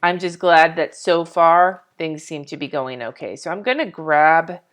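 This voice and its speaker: A woman's voice: deep voice, measured pace, fairly bright tone. A woman in her forties, chatty and scattered, talking to herself and to viewers while she decorates a planner on a live stream, swearing casually. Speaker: planner vlogger.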